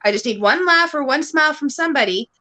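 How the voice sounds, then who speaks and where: A woman's voice: high voice, lively intonation, fast, pushed and bright. A woman guest on a livestream, talking in a friendly, earnest, rambling way. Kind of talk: casual livestream chat.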